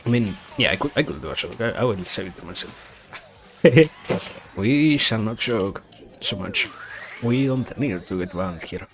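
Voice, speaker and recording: A man streaming a racing game, chatting casually with viewers, rambling and correcting himself, swearing now and then. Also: fairly low pitch. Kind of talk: casual gaming stream chat.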